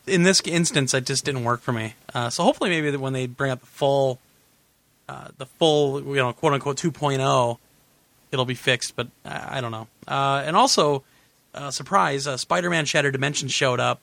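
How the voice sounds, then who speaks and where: A man hosting a gaming podcast in casual chat, rambling and correcting himself, laughing often, a little hoarse. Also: mid-range voice, fairly bright tone, no echo. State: losing his voice. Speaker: podcast host.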